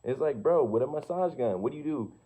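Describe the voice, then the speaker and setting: A man's voice: medium pitch, expressive, brisk, dark tone, a little hiss or hum. A young man talking in a loose, slangy, profane monologue, firing off rhetorical questions and checking in with "you feel me". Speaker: vlogger. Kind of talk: casual rambling monologue. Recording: slightly muffled lo-fi recording.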